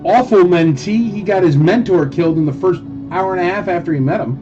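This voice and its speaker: A man's voice: high voice, fairly quick, over music. Sarcastic ranting man, dull lo-fi sound. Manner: sarcastic, ranting, mocks with put-on quotes. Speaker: live auction seller. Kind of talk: casual ranting chat.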